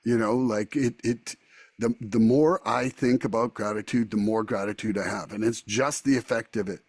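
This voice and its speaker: A man hosting a recovery podcast, talking in a rambling, animated way. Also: lowish voice, normal speed, dry recording. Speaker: podcast host. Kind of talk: casual recovery podcast chat.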